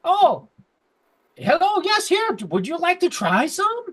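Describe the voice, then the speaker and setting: A man voicing an excitable male gnome worker in a tabletop game, high and eager. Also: slow, heavily acted.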